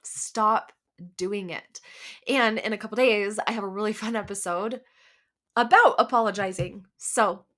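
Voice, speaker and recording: A woman's voice: mid-range voice, moderate pace, a bit bright. A woman in her forties hosting a casual solo podcast, talking candidly with lots of "like" and "um" fillers. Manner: candid, conversational, many "like" and "um" fillers. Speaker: podcast host.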